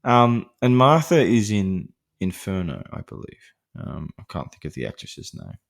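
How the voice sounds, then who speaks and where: A man's voice: sits low, sing-song, normal speed, gravelly. Rambling man chatting about films. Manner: rambling, with many fillers and restarts; amused, laughs lightly between points. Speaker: podcast host discussing horror films. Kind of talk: casual film discussion.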